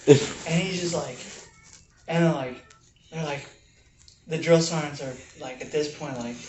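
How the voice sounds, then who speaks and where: Woman, low voice, chatty storyteller, far off the mic with noise behind. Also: unhurried. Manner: animated, lots of fillers, acts out yelled quotes. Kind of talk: casual group chat, storytelling. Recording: roomy distant mic with noise.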